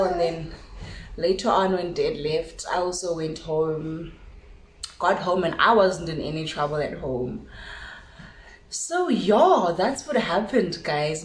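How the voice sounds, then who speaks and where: A young South African woman telling a story to her vlog audience in a lively way, acting out what each person said. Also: mid-range voice. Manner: animated storytelling, switching languages, acts out dialogue. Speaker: vlogger. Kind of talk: casual storytime chat. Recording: echoey room.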